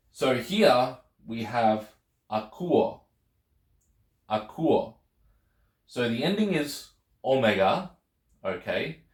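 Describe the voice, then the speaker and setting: A man's voice: mid-range voice, echoey room. A man teaching a video language lesson, patient and encouraging, often checking in with "okay?". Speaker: Greek teacher.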